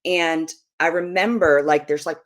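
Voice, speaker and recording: Speaking a little slowly in a deep, fairly even voice, a woman tells a personal marriage story at a Christian ministry. It's live-show storytelling, candid and chatty, peppered with "like" and "you know."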